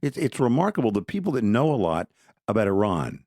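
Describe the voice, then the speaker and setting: A deep, low-pitched man chatting casually on a podcast. He is opinionated and conversational, and he often stops to restart a phrase. The sound is dry and close. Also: big pitch swings, fairly quick, a little mellow, no echo. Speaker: podcast co-host. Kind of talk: casual political talk.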